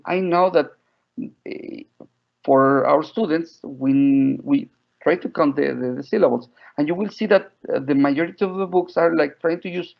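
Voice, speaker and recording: A man runs an online workshop for teachers in a chatty, easygoing way and keeps asking his listeners if they follow. His voice sits a little high and has a gravelly edge. The sound is dull and lo-fi, as if it came through a video call mic. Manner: chatty, checks in with "right?" often. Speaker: teacher trainer.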